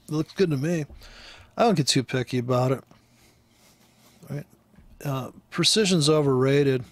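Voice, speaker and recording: A man's voice: on the high side, no echo. A man from the United States, a forex trader, ranting in a casual, rambling way over a live chart, swearing freely and laughing often. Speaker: forex trader and trading teacher.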